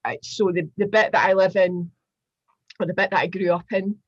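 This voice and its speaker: A Glaswegian woman in her forties, a guest telling animated stories in a casual chat with lots of fillers. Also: lowish voice, moderate pace, slightly rough, no room sound, dull audio. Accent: Glaswegian Scottish. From Glasgow, Scotland. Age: 40s. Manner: animated storyteller, chatty with many fillers.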